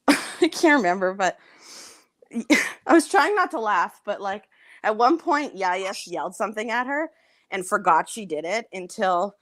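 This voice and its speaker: A woman's voice: medium pitch, expressive, measured pace, long pauses, fairly bright tone, no echo, clean studio sound. A woman in casual chat, telling a gossipy story with lots of laughter and acted-out quotes.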